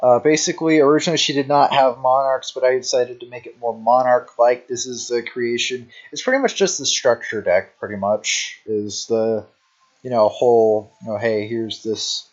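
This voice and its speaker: A sleepy, yawning man narrates a deck showcase in casual, rambling commentary, his medium-pitched voice captured with lo-fi sound. His delivery is unhurried and drawn out, full of "you know" fillers.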